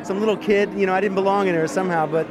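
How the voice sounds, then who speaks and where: A man with a high voice talks loosely and casually in an interview, filling his sentences with fillers. Crowd noise is heard all around him. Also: rapid-fire, poor audio. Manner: rambling, relaxed, many fillers. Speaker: interviewee, musician.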